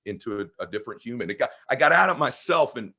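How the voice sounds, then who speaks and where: A man, a guest on an interview podcast, telling personal stories with animated emphasis. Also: mid-range voice, fast talker. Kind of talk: storytelling conversation.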